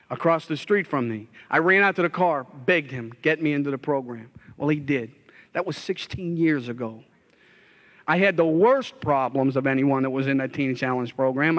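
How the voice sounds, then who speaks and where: A middle-aged man, a former addict, telling his life story as a passionate testimony sermon. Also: on the high side. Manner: impassioned storytelling, rising loud when reliving scenes.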